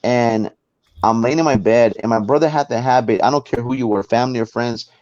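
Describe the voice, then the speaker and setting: A man's voice: mid-range voice, fairly quick, no echo, muffled recording. A man guest on a talk show tells a personal story in a casual way, acting out the people in it. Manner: animated, acts out the people in his story.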